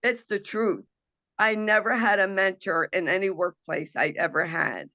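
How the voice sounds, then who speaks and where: Woman radio host, fervent and emotional, bright forceful tone, dry muffled call audio. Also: mid-range voice, moderate pace, dry recording. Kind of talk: impassioned monologue. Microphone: video call.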